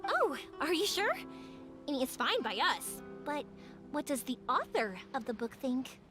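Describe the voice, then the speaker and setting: An excitable childlike game character. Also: female voice, unhurried, music in the background. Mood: excited. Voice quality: very high, childlike. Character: bubbly small girl and floating companion, excitable. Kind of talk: game cutscene dialogue.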